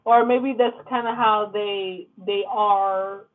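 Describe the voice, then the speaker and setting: A woman's voice: medium pitch, steady tone, slow. Blunt, swearing woman tarot reader. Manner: blunt, profane, fillers like "like" and "okay?". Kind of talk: casual tarot reading to camera. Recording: lo-fi phone-like sound.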